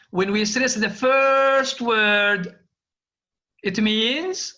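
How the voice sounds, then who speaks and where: A man lecturing on linguistics in an online university class, speaking deliberately and repeating example words. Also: high-pitched, sharp tone, highs cut off.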